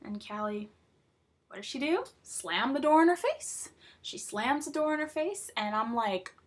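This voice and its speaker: A young woman chats casually in a vlog about a show she loves, rambling through fillers and restarts. Her voice sits a little high, and she jumps up in pitch whenever she gets excited. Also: measured pace. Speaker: vlogger.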